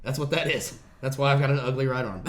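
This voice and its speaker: A man's voice: medium pitch, background noise. A man chatting casually on a podcast, laid-back and eager to hype up a friend's story. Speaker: podcast co-host. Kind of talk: casual chat.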